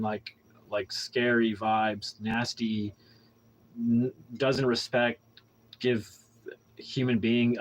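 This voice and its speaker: A man's voice: mid-range voice, rough recording. Young male podcast host, unscripted monologue, blunt and profane, rambling with frequent restarts. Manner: candid storytelling with heavy profanity. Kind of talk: casual monologue.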